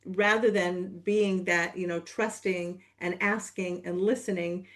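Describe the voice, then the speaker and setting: A woman's voice: lowish voice, steady tone, unhurried. A woman interviewing on a podcast, chatting casually and thinking aloud as she talks.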